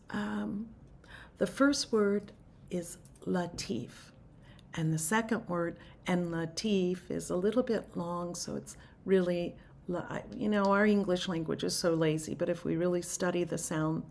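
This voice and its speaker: Woman spiritual teacher, lowish gravelly voice, slow musing talk that sinks into near whispers. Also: a little hiss or hum. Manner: unhurried, musing, often trails into a hushed near-whisper.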